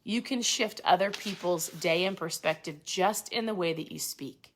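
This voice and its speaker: A woman's voice: lowish voice, moderate pace, hardly any pauses. A woman hosting a lifestyle channel, chatting casually and animatedly about a motivational book. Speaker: host of a keto lifestyle channel.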